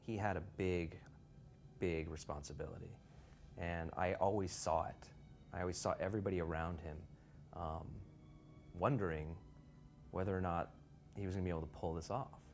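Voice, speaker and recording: Calm man with a very deep voice. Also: moderate pace, long pauses, faint music behind. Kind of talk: documentary interview.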